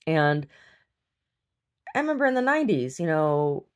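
Low-voiced woman in her 40s or so ranting to her camera, tired, blunt, cusses a lot, dry laughs. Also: sing-song, normal speed. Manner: weary, blunt and profane, with wry laughs. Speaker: video diarist. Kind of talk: candid video diary monologue.

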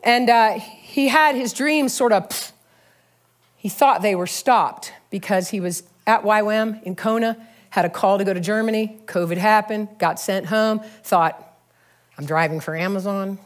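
A middle-aged woman preaching a sermon, telling stories with laughter and animated energy. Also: medium pitch, unhurried. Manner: animated, storytelling, frequent laughs. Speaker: pastor.

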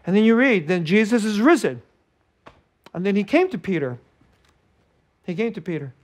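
A man preaching a sermon as pastor, talking conversationally and dropping to hushed tones between livelier stretches, with laughs between phrases. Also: high voice, animated, normal speed.

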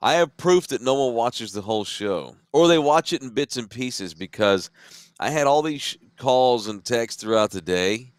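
Tired texan guy rambling late at night, mid pitch, super dry mic, swears casually. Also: lively intonation, moderate pace, smooth, dry recording. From Central Texas. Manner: laid-back, rambling, profane. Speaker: podcast co-host.

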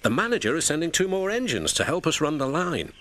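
A man's voice: on the high side, big pitch swings, quick pace, a bit bright, voice pushed up. A British man voicing a kindly male engine driver in a storybook, speaking in an encouraging way. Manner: kind, encouraging.

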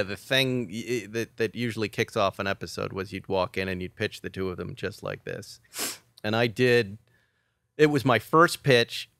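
A man's voice: lowish voice, gravelly, smooth, dry recording. A middle-aged man, a comedy writer, telling a story in a podcast interview and acting out the quotes. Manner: animated storyteller who acts out quotes.

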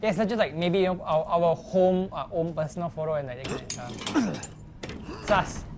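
Low-voiced joking woman gamer. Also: normal speed. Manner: joking, chatty, many fillers. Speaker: gameplay host. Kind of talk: casual gameplay commentary.

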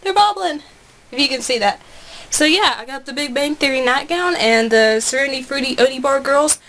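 An excitable young woman talks through an unboxing vlog at home, gushing and chatty. Her voice sits high. A faint hiss of noise hangs behind her. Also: a little fast. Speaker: vlogger.

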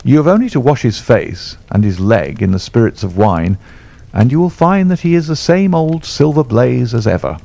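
A man voicing a calm, imperturbable male detective in an audiobook, measured and dry. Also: medium pitch, gravelly. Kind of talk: audiobook character voice.

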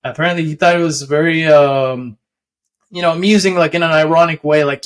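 Casting: young male explainer, slightly high voice, loose rambling delivery with lots of ums and chuckles. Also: fairly even intonation, a little fast. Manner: rambling, many fillers and restarts, chuckles often. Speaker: finance video host. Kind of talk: casual explainer.

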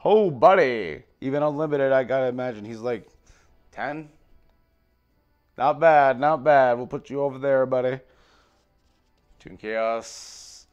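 A man opening trading card packs on camera, rattling off card names and swinging between quiet mutters and excited, sweary outbursts. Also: medium pitch, a little slow, long pauses, clear, resonant tone, dull audio, soft background music. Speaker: card pack opener on a video channel. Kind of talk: casual pack-opening commentary.

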